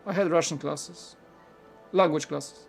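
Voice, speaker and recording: Man, Polish accent, slightly high voice, relaxed rambling live-stream chat, lots of fillers, faint background music. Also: measured pace, vocal fry. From Poland. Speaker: live-stream host building a toy set. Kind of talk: casual live-stream chat while building.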